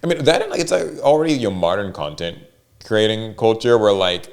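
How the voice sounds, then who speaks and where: Deep-voiced guy on a podcast, lots of likes and you knows, kinda hedging. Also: expressive, brisk, creaky. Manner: hedging, filler-heavy. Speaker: podcast co-host. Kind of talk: casual podcast chat.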